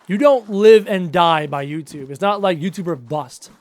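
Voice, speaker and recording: Upbeat high-voiced gaming streamer, a man. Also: normal speed, a little mellow, no echo. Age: around 30. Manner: upbeat, chatty, answers viewer questions. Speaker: gaming livestreamer. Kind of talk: casual live-stream chat while playing.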